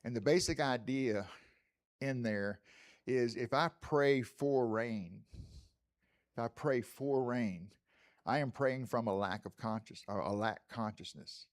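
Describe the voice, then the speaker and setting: A man's voice: mid-range voice, slow pace. A middle-aged man giving a conversational sermon as a spiritual teacher, folksy and often asking the congregation questions.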